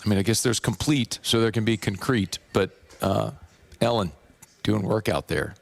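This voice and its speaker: Hoarse sports radio host. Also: male voice, lowish voice, normal speed. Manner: playful, rambling, riffs on pronunciation. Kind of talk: casual radio talk with live ad read.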